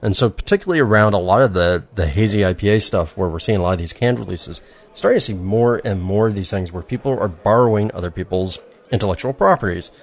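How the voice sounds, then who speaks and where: A man's voice: lowish voice, fast. A man co-hosting a beer podcast in casual, rambling chat with many fillers. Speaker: podcast co-host.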